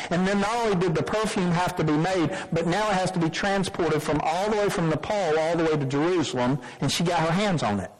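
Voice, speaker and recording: A man with a notably high-pitched voice delivers a sermon from the pulpit. He preaches emphatically, weaving scripture reading into his points and often restarting his sentences. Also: rough recording. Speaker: pastor.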